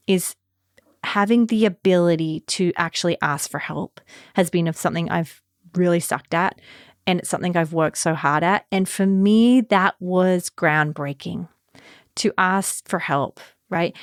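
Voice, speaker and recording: A woman's voice: lowish voice, dry recording, clean studio sound. A woman hosting a podcast, telling a personal story in a candid, emotional way. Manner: candid and emotional, often laughing. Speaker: podcast host.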